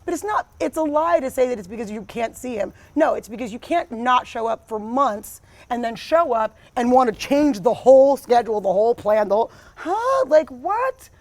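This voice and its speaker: Woman, 30s, interview guest; blunt, emphatic, fairly high voice, heavy on fillers. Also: a little fast, few pauses, a little mellow, no room sound. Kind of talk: candid personal conversation.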